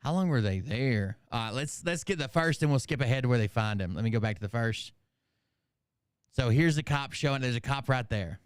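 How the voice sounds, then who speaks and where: A man's voice: medium pitch, animated, a little fast, smooth, dry recording, studio quality. A man hosting a commentary channel, talking casually in a rambling, profane, conversational way.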